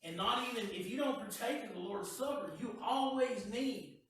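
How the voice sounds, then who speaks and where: A man's voice: very high-pitched, normal speed, a bit bright. A male pastor preaching a sermon in a folksy, conversational way, often repeating words. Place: church sanctuary. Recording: echoey church heard from a distance.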